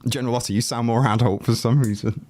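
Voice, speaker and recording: A man's voice: mid-range voice, fairly even intonation, fast talker, background noise. A man livestreaming from home with a chest cold that leaves his voice rattly, chatting and joking with his viewers in a loose, rambling way. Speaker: livestreaming YouTuber. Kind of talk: casual livestream chat. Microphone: desk mic, no headphones.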